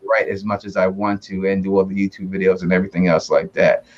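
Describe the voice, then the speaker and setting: A man hosting a casual video chat, animated and joking, laughing often. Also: low-pitched, fast, muffled recording. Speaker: host.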